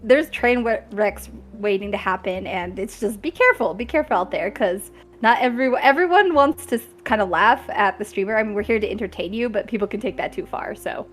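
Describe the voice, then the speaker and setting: A woman's voice: medium pitch, lively intonation, brisk, hardly any pauses, soft background music. A young woman streamer chatting casually, laughing often as she talks. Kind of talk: casual chat.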